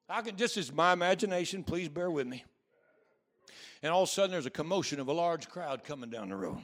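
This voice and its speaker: Male missionary preacher; high, bright voice, storytelling into fervent shouts. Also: expressive, quick pace. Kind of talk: sermon.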